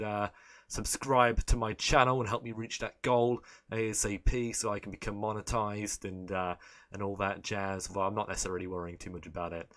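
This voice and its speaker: A man's voice: fairly low pitch, a bit bright. A man hosting a live stream, chatting casually in a rambling, joking, profane way.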